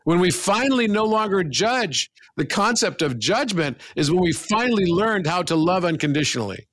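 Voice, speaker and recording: Male podcast guest, slightly high voice, earnest and emphatic, casual with swearing. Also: big pitch swings, moderate pace, a bit bright. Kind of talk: reflective conversational talk.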